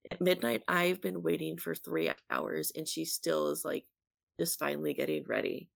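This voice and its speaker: Young woman, early 20s, very gravelly low-ish voice, dry sound, chatty storyteller. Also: moderate pace, no echo. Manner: chatty, lots of "like", acts out quotes. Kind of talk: casual storytelling.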